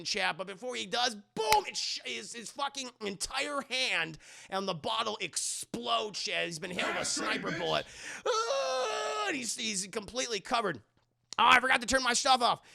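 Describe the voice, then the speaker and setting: A man streaming a casual, animated and profane movie recap while talking to his chat. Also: high voice, vocal fry.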